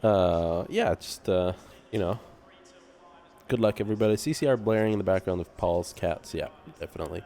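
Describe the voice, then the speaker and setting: Laid-back low-voiced male race commentator. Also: moderate pace. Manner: relaxed, laughs often, stumbles over names. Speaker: sim racing commentator.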